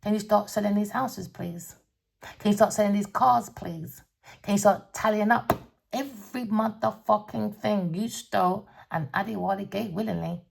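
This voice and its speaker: Woman, tarot reader, gravelly voice, a husky edge, theatrical sing-song delivery, swears freely, says darling a lot. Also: medium pitch, moderate pace. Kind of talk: tarot reading monologue.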